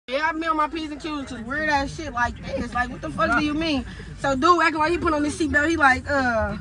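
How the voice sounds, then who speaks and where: Speaking fast in a high voice with fairly even intonation, a young woman from Indianapolis, USA, is an interview guest describing her kidnapping. She retells the events in a casual, profane style, quoting dialogue often.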